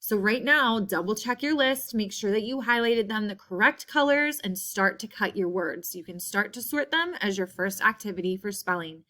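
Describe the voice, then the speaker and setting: A woman teacher giving a recorded spelling lesson, saying each word several times in a clear, patient way. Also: mid-range voice, animated, moderate pace, hardly any pauses, pushed and bright. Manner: clear, patient classroom delivery.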